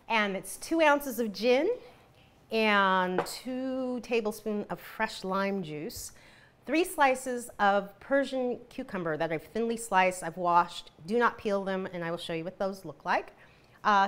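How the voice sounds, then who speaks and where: A woman's voice: fairly high pitch, bright, forceful tone, slight background noise. A woman hosting a live cooking demonstration, chatty and giggly. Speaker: cooking show host.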